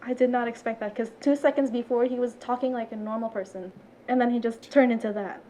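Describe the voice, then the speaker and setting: A woman's voice: a little high, fast talker, a little hiss or hum, rough recording. A young woman in her twenties, a podcast guest chatting casually, giggling and acting out what others said. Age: 20s. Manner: giggly, animated storytelling with acted-out quotes. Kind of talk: casual chat.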